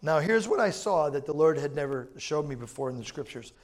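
A male pastor delivers a sermon in an easy, conversational style, with lots of asides to the room. His voice sits a little high for a man. He sounds like he is speaking in a church hall. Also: expressive, brisk. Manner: informal, chatty asides.

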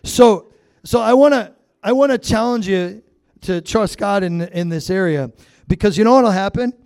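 A middle-aged man preaching as a pastor, blunt and conversational, often turning to the congregation with quick asides. His voice sits high for a man. It is recorded close and dry, with no room echo. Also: a little mellow. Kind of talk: sermon.

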